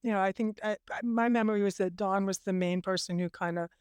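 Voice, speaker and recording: Woman with a smooth, clear voice. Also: medium pitch, fast, no echo. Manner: relaxed, laughing asides. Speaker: documentary director, guest. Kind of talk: casual interview answers.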